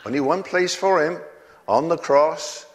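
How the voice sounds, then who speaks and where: A man's voice: fairly high pitch, a little slow. A man preaching a sermon in a folksy way, chuckling often and asking the congregation questions. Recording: long hall reverb.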